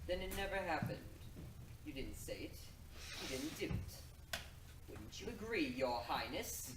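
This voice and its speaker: A man playing a weakened young hero in a stage play, speaking slowly with mocking menace. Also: on the high side, big pitch swings. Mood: calm. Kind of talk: amateur stage acting. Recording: echoey room from far off, noisy.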